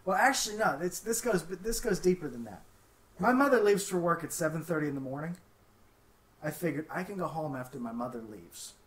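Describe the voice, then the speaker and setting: A man from the Pittsburgh area, casually telling a long story on a podcast, animated and swearing freely. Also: fairly high pitch, fairly quick, recorded from a distance. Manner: animated, swears freely, acts out quotes in raised voices.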